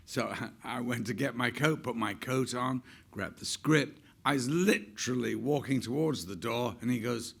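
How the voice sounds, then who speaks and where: A man's voice: mid-range voice, unhurried, vocal fry, a bit bright. An older man, an actor, telling chatty anecdotes on stage with frequent laughs. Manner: chatty, laughs often, acts out quotes.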